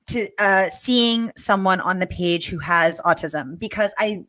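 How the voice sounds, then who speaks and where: A woman's voice: lowish voice, unhurried, a bit bright, no room sound. A woman in her forties hosting a book interview over a video call, enthusiastic and full of fillers and restarts as she builds her questions. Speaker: host.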